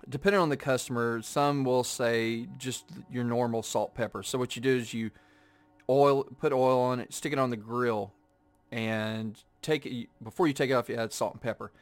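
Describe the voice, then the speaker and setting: A man's voice: mid-range voice, fairly even intonation, normal speed. A man in a casual chat, eagerly explaining how a dish is made and cutting in on others. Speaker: podcast co-host, restaurant worker.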